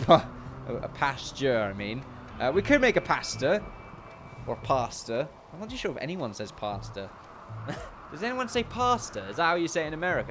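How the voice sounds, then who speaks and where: A British man giving casual gameplay commentary, musing aloud and breaking into bursts of excitement. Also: medium pitch, slight background noise. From Britain. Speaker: gaming YouTuber.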